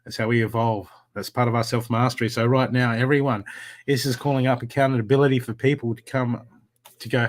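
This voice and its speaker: A man's voice: medium pitch, flat delivery, a little fast. A middle-aged Australian man giving a live-stream tarot group reading, talking in an earnest coaching tone full of "okay"s. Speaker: tarot reader.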